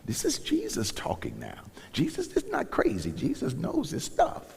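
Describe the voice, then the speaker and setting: A man's voice: very high voice, huge pitch swings, moderate pace, gravelly, a little mellow, slight background noise. A man preaching a sermon as pastor, telling the story with animation and acting out the characters' lines in different voices. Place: church sanctuary. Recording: long church hall reverb.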